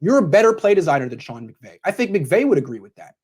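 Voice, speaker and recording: A man's voice: high-pitched, sing-song, fast, a little mellow, slightly rough. A man doing sports opinion commentary, bluntly lecturing a coach directly in the second person.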